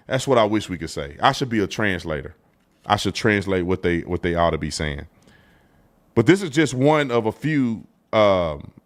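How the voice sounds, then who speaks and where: A man hosting a live commentary show, talking in a fired-up, emphatic way and acting out tough talk. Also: fairly low pitch. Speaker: host.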